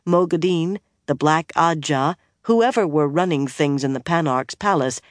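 An audiobook narrator reading a fantasy novel in an even, measured storytelling voice. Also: mid-range voice, no echo, studio quality.

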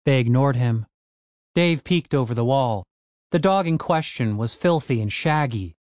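A man narrating a comic fantasy audiobook with wry, lively storytelling. His pitch moves around animatedly as he reads. The recording is dry and close. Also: measured pace, no echo.

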